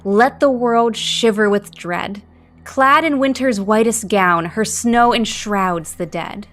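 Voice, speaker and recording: A woman's voice: mid-range voice, slow, a bit bright. A woman voicing a teenage girl wizard who acts breezy and sure of herself in a tabletop game. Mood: confident. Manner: breezy, showing off.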